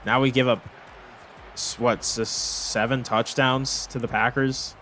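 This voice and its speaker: A man's voice: medium pitch, flat delivery, a little slow, bright, forceful tone, soft background music. A young man commentating his own football video game, exasperated and swearing as he rambles through complaints. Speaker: gaming commentator. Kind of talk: frustrated gameplay commentary.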